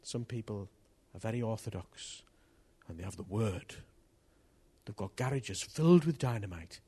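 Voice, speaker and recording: A man's voice: lowish voice, expressive, normal speed, husky. Impassioned male preacher. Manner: impassioned, rising to loud outbursts. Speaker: pastor. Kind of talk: sermon. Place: church hall with congregation.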